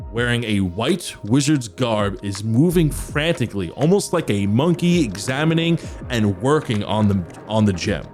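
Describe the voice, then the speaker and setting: A man running a tabletop game, describing scenes in a loose, rambling way with fillers. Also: mid-range voice. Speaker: dungeon master.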